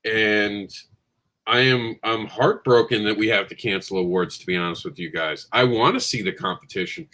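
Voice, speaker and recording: A man's voice: fairly low pitch, normal speed. A man hosting a live online panel chat, talking with passion and often cutting in on others. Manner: animated, impassioned, talks over others. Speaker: livestream show host.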